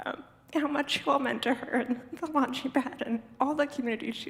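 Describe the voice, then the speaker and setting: Emotional woman speaking at a memorial, teary and halting, slightly high gravelly voice, echoey hall. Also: fairly even intonation. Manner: halting, with many fillers and restarts. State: tearful, emotional. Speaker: friend giving a eulogy. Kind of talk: memorial tribute speech. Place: spiritual center sanctuary.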